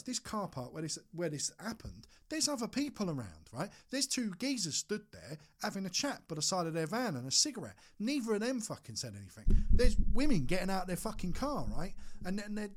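A man's voice: high voice, sing-song, brisk, hardly any pauses. A man co-hosting a podcast, talking bluntly and emphatically in casual chat, swearing often. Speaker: podcast co-host.

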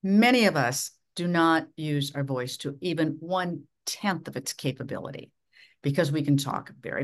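A middle-aged woman from Minnesota, a leadership coach giving measured, instructive advice as a podcast guest. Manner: measured, instructive, dramatic swings of pitch and volume. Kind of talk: podcast interview.

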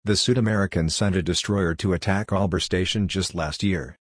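Man doing a calm android envoy, level, matter-of-fact, low, dry. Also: normal speed, breathy edge, no room sound. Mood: steady.

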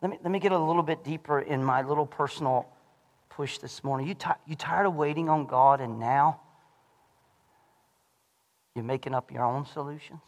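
Animated preacher man in a reverberant church. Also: fairly high pitch, normal speed, long pauses. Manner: animated, swinging from shouting to hushed. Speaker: pastor. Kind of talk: sermon. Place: church sanctuary. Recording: long hall reverb.

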